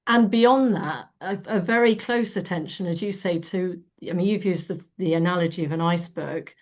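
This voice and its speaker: A woman with a lowish voice hosts a webinar chat over a video call, reflecting back what her guest said. She pauses and restarts as she searches for the right words, and her audio sounds dull and lo-fi. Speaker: interviewer. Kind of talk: hosting a webinar conversation.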